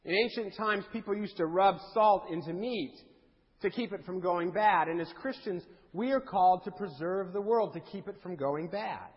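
A man's voice: sits high, normal speed. A male pastor delivering a humorous, conversational sermon with playful asides to his congregation. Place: church sanctuary. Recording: dull sound with long hall reverb.

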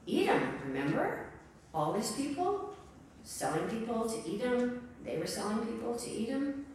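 Animated woman preaching in an echoey hall. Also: fairly high pitch, normal speed, distant mic, a little hiss or hum. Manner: animated storytelling with dramatic readings and gasps. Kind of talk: sermon.

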